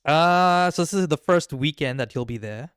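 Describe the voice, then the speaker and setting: Rambling man with a smooth voice. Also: on the high side, lively intonation, moderate pace, a bit bright, dry recording, clean studio sound. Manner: rambling, hesitant, lots of fillers and restarts. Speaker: podcast co-host. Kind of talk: casual chat.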